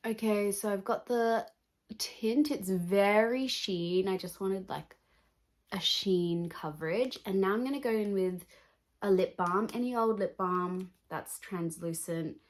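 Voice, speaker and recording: A woman's voice: medium pitch, a little slow. A woman beauty vlogger doing a chatty get-ready-with-me makeup talk, blunt and opinionated.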